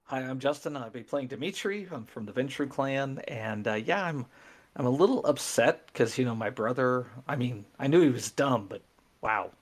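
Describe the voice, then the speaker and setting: A man's voice: mid-range voice, animated, moderate pace. A man playing a tabletop game, chatting in a playful, exasperated way. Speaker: player. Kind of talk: casual game talk.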